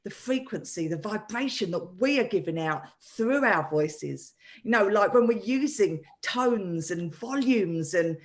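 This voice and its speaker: A woman with an animated manner, chatting casually as co-host and laughing easily. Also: mid-range voice, a little slow, few pauses. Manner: animated, laughs easily, many "you know" fillers. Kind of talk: casual chat.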